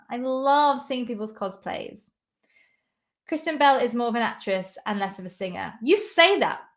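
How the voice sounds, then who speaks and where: British YouTuber, young woman, bright higher voice, chatty livestream host who laughs a lot. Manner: chatty, rambling, laughs often. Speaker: YouTuber reading live chat. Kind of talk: casual livestream chat.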